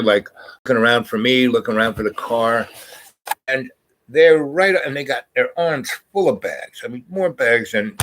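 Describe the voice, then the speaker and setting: A man telling a long casual story, rambling and animated, acting out the voices of the people he quotes. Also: mid-range voice, a little hiss or hum, low-quality recording. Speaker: storyteller host.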